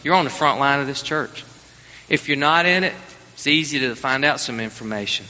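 A male pastor preaching a sermon in a church, with lively emphasis that climbs higher as he drives each point home. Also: brisk, big-room sound. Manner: animated preaching, rising in pitch on emphasis. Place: church sanctuary.

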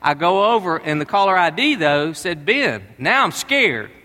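Preacher guy, middle aged, kinda high voice, chatty storytelling sermon, big echoey church. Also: sing-song, moderate pace, sharp tone. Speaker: pastor.

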